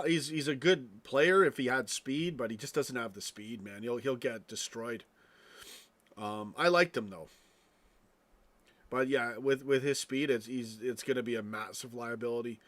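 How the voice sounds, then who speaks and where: A man's voice: mid-range voice, fairly bright tone. A man hosting a casual live stream, ranting with frequent swearing and restarts, tossing asides to his viewers. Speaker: fan channel live streamer.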